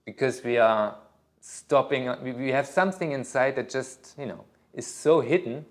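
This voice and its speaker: A man's voice: mid-range voice, normal speed. A middle-aged man, a yoga teacher, talking casually at a studio workshop, rambling with many fillers and restarts.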